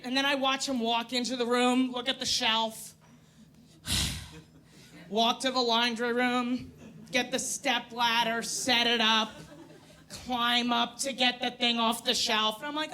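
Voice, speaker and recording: A woman's voice: a little high, fairly even intonation, unhurried. A woman in her thirties from New York doing a crude, self-mocking stand-up set on a comedy club stage. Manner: brash, crude, self-mocking, loud put-on voices in bits.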